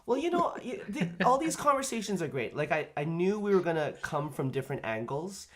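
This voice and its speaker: A man's voice: fairly high pitch, very animated, fairly quick, fairly bright tone. A man with a Canadian accent hosting a live-stream chat, telling long stories full of fillers and restarts. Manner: rambling storyteller, many fillers and restarts. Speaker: stream host.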